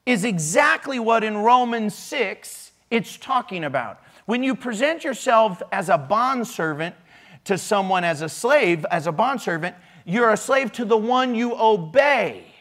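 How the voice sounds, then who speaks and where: A man preaching a casual, joking sermon in a church, with animated swings in pitch and loudness. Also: moderate pace. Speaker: pastor.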